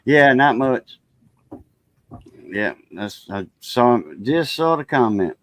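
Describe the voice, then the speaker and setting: A man's voice: mid-range voice, very animated, takes it slowly, no echo, low-quality recording. A man hosting a casual live stream, rambling loosely through stories and chat.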